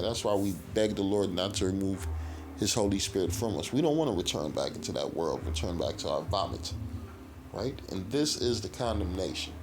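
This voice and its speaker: A man teaching scripture in a rough, profane street style, reading verses and asking "right?" again and again. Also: lowish voice. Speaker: street preacher.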